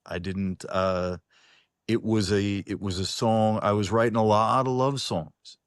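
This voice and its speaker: A singer-songwriter talking in a casual online interview, rambling with many restarts and some swearing. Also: male voice, lowish voice, steady tone, unhurried, clean tone, no echo, studio quality. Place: New Orleans-based. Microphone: online interview call.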